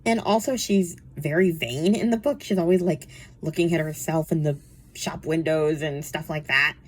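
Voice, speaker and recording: Chatting casually about books, a young female reviewer fills her talk with fillers and frequent laughter. She speaks at a moderate pace in a low, husky voice.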